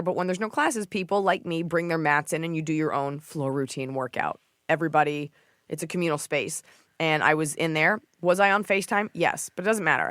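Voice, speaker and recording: Animated woman podcast host, dry sound. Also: low-pitched, no echo. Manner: animated storytelling, acts out quotes, swears freely. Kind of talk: casual comedic chat.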